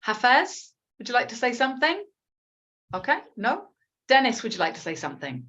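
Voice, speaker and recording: A woman's voice: a little high, very animated, normal speed, fairly bright tone. A woman with an English accent, teaching a live online English lesson in a chatty, encouraging way, with frequent ums and self-corrections. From England.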